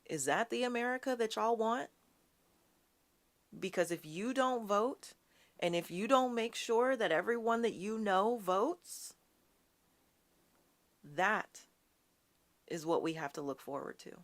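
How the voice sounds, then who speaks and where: On a live political talk show, a female host rants with passion, calling her viewers "y'all" and sassily mocking the opponents she quotes. Her medium-pitched voice is animated, and she moves at a slow pace with long pauses.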